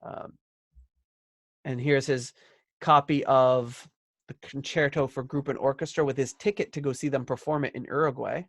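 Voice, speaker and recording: A podcast co-host talking in a relaxed, joking way. His voice sits at a middle pitch. The sound is dry and close, with no room around it. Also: normal speed, dry recording. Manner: chatty, joking, reads out listener posts. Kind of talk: casual chat.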